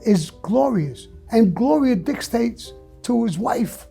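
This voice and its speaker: A man being interviewed, telling a story bluntly and profanely in a casual, animated way. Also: very high-pitched, takes it slowly, creaky, soft background music. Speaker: interview guest.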